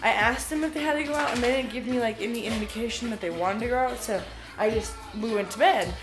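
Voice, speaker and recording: A woman's voice: on the high side, fast talker. Chatty young woman vlogging over music. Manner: chatty, filler-heavy storytelling. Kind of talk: casual daily vlog chat.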